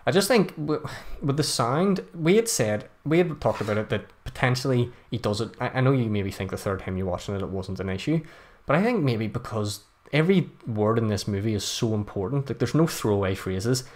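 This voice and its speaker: A man's voice: mid-range voice, expressive, brisk. A man in a casual film chat, talking in a thoughtful, hedging way.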